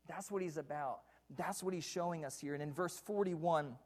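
High-voiced man preaching a sermon. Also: moderate pace, a little mellow. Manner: repeats key lines for emphasis, asks the congregation questions. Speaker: pastor. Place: church, preaching from the pulpit.

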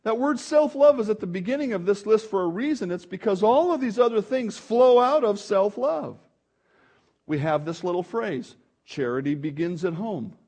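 High-voiced male preacher. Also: expressive, moderate pace, a little mellow. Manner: earnest, emphatic preaching with restarts. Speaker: pastor. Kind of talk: sermon.

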